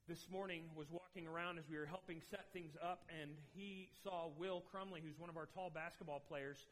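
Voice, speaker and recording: A man who is a pastor, preaching a sermon and retelling film scenes in an animated storytelling way, speaking directly to the congregation. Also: a little high, moderate pace, poor audio.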